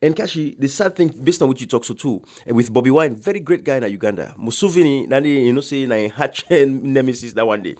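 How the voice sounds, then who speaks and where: A Sierra Leonean man making an earnest case in a political chat, his voice mid-pitched. He talks at a quick clip, as heard through a phone voice message. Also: animated, a little mellow.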